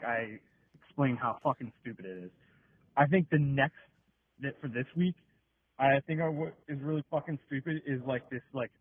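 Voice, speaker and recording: A man leaving a rambling, profane voicemail full of fillers. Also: fairly high pitch. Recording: tinny phone voicemail.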